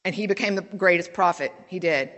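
A woman's voice: lowish voice, a little fast, fairly bright tone. A woman preaching a sermon in a church, speaking in a conversational, candid way and telling stories. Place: church sanctuary. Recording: long church reverb.

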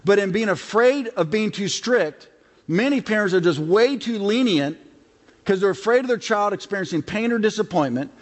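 A middle-aged man preaching a sermon as a pastor, talking conversationally and acting out quotes from his family life. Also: sits high. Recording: long reverb of a large hall.

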